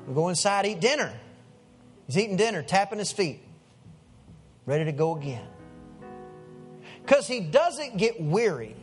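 A man's voice: sits high, big pitch swings, measured pace, long pauses, faint music behind. A man, a pastor in his thirties preaching a sermon in a folksy storytelling way. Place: church sanctuary.

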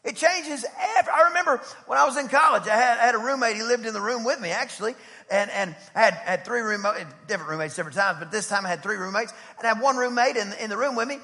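High gravelly preaching man in reverb. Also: quick pace. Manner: preaching with a loud build and storytelling asides. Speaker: pastor. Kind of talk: sermon. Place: church sanctuary.

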